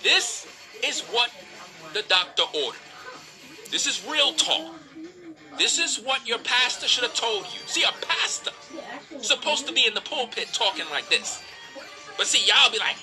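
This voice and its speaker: Man, profane preachy livestream rant, swooping animated delivery, piercing bright tone. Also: very high-pitched, normal speed, long pauses, faint music behind. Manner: preachy, profane, emphatic, mocks others in quoted voices. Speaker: livestream host preaching to women.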